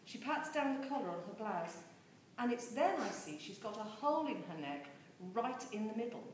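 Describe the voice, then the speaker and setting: A woman reading a novel aloud with expressive, lively storytelling. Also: on the high side, moderate pace, slight background noise. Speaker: reader. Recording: very echoey room.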